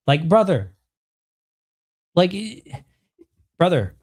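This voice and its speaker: A man's voice: on the high side, moderate pace, long pauses. Thirties male streamer, fired-up and foul-mouthed, voice leaping all over as he argues with chat. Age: 30s. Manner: excitable, swears a lot, ranting at chat. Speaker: streamer host. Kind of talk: livestream Q&A chat.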